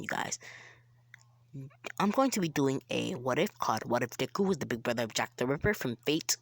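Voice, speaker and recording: A young fan storyteller rambles through a homemade crossover tale with plenty of fillers and restarts, now and then dropping into a whisper. The voice sits at a middling pitch and is recorded close and dry. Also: fairly bright tone, no echo. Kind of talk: casual amateur story narration.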